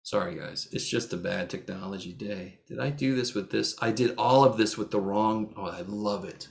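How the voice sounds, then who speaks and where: Over a video call, a middle-aged man teaches math in a casual online lecture, his voice lowish, gravelly and at a normal speed, with slight background noise. He's joking and blunt, swears freely, and teases students by name.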